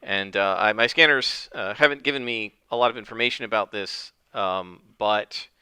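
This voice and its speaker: A man's voice: fairly low pitch, normal speed, pushed and bright, clear, resonant tone, no room sound. A man voicing a friendly, graceful male scout pilot, chatty and eager with hesitant fillers.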